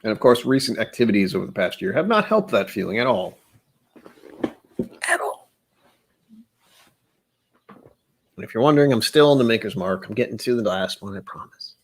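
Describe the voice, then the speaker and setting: A man with a fairly low voice that swoops up and down with lots of expression. He hosts his own vlog, rambling through casual solo musings and poking fun at himself. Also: very animated, fast, slightly rough. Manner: rambling, self-deprecating humor. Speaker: vlog host.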